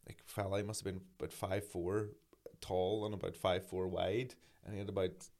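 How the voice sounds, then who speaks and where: Man, fairly low voice, casual sweary storytelling, thirties, podcast chat. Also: moderate pace. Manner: sweary, animated anecdote-telling.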